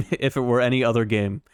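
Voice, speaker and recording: A man giving casual let's-play commentary as a game streamer, joking and rambling with sarcastic asides. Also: medium pitch.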